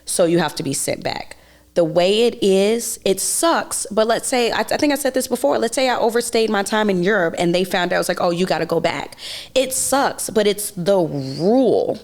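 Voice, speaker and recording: A woman's voice: medium pitch, animated, moderate pace. A woman co-hosting a podcast in casual chat, teasing her co-host and then ranting her opinions at length.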